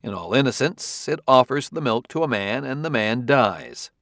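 A man's voice: mid-range voice, lively intonation, normal speed, a bit bright, no room sound, studio quality. A man voicing an insistent adult male detective who presses his questions methodically, read as an audiobook character.

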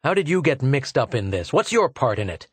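A man's voice: medium pitch, sing-song, brisk, husky, no echo. A man voicing a grim, proud male archaeologist who presses with urgent, demanding questions in a dry recording.

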